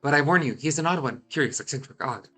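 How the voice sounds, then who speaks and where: A man's voice: on the high side, quick pace, a bit bright, faint music behind. A congested Scottish man voicing a small eccentric kobold creature who repeats himself and strings together synonyms. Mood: fawning. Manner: repeats himself, listing near-synonyms, hissing "yes, yes".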